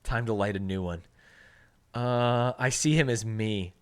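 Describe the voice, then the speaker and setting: A man's voice: fairly low pitch, unhurried, clear, resonant tone. A male game streamer giving casual, joking, profane commentary while playing.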